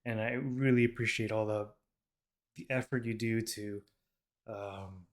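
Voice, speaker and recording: An American man who hosts a K-pop reaction channel chats casually to camera in a lowish, fairly even voice, speaking a little slowly. He rambles, with lots of ums, restarts, and self-corrections.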